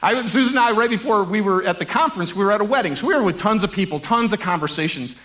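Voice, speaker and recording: A pastor giving a casual sermon to his congregation, animated, chuckling often and repeating key phrases. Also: high voice, fast.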